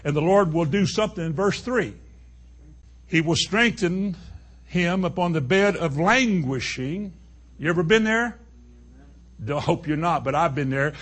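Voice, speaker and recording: A man's voice: fairly high pitch, lively intonation, measured pace, pauses often, a bit bright. A man preaching a sermon to a congregation, emphatic and full of rhetorical questions.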